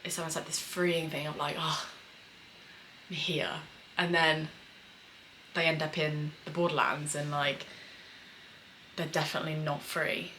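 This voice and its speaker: A young woman with a low voice talks through a show in a loose, rambling way, piling on fillers and the odd swear word. A faint hiss sits under her voice. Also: flat delivery, normal speed, long pauses, bright, forceful tone, poor audio. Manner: chatty, many fillers, emotional and swearing. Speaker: screenwriter reacting to a series. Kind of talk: casual reaction commentary.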